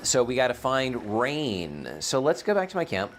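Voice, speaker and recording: A man's voice: medium pitch, big pitch swings, normal speed, slight background noise. A man hosting a casual gameplay livestream, rambling and thinking aloud, often correcting himself mid-sentence. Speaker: streamer, game host.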